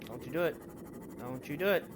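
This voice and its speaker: A man's voice: on the high side, brisk, over loud music. Panicky man streaming a game. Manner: panicky, excitable, swearing at the game. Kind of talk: live gameplay commentary. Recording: loud game audio under the voice.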